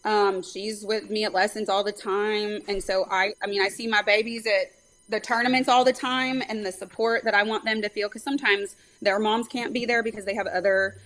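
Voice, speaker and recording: A woman from California, a softball pitching coach and a mother, talking earnestly as a guest in an interview, quick to fill pauses with "um" and "like". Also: flat delivery, low-quality recording. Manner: talkative, earnest, many fillers. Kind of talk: casual interview chat.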